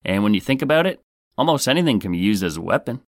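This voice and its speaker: Man, very deep voice, dry close sound, sarcastic, joking podcast host. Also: big pitch swings, fast, no room sound. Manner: wisecracking, sarcastic, playful. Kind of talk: comedic true-crime podcast narration.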